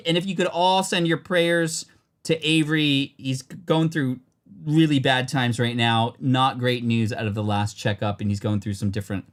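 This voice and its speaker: A man hosting a live card-opening stream, chatting and thanking viewers, bursting into loud excitement over the cards he pulls. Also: mid-range voice, normal speed. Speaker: host.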